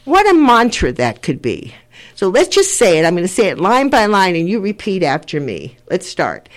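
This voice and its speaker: A woman's voice: fairly low pitch, wildly swooping pitch, moderate pace. An older woman hosts a community radio talk show. She speaks earnestly and rambles a little, often repeating herself as she gathers her thoughts. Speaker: radio host.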